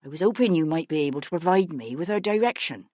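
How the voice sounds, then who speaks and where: A woman voicing a timid, awkward young gentleman who speaks softly and hesitantly, his sentences rising like questions. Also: low voice, lively intonation, quick pace, no room sound, highs cut off. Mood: meek. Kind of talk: audiobook character voice.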